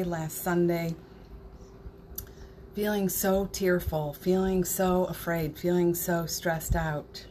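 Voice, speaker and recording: Slow, tender woman hosting a morning stream. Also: fairly low pitch, slight background noise. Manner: warm, emotional, laughs and tears up. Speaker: host of a morning spiritual livestream. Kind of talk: casual spiritual chat reading viewer comments.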